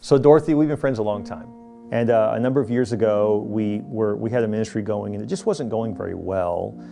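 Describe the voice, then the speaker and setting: A male pastor giving an earnest sermon to his congregation, moving from a quiet interview into rousing exhortation. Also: on the low side, brisk, vocal fry. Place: church auditorium. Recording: large hall reverb, soft music.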